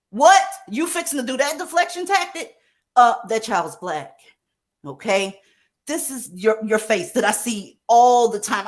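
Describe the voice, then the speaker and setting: Middle-aged female host, heated commentary, lively and emphatic. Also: medium pitch. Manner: emphatic, profane, swings loud and soft. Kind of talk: heated commentary on a news clip.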